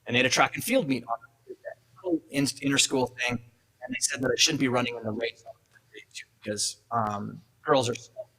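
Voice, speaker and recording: A middle-aged man addresses an awards event with a motivational speech. He tells his stories with energy, acts out the dialogue, and drops into soft asides. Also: medium pitch, brisk, low-quality recording. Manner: animated storyteller acting out dialogue. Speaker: keynote speaker. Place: event hall.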